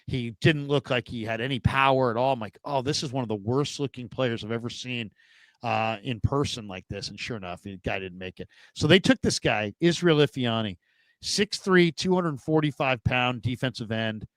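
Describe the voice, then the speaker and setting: Storytelling sports talk host, dry close mic. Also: male voice, moderate pace, fairly bright tone, dry recording, poor audio. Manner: rambling anecdotes, mimics players in a high goofy voice.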